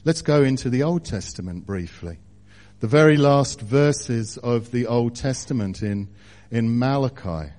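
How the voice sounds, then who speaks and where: A man preaching a sermon, speaking deliberately and building to louder emphatic passages. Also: medium pitch, lively intonation.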